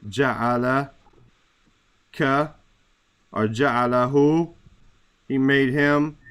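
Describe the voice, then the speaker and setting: A man's voice: medium pitch, fairly even intonation, drawn-out words, a bit bright, clear, resonant tone. Male teacher explaining grammar patiently. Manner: searching for words, many fillers; repeats "right?" to check understanding. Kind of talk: classroom explanation.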